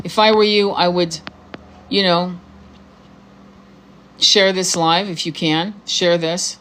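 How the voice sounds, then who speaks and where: A woman's voice: lowish voice, a little hiss or hum. A middle-aged woman, a tarot reader and spiritual guide, ranting angrily on a livestream and swearing often at her viewers. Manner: angry, profane and confrontational.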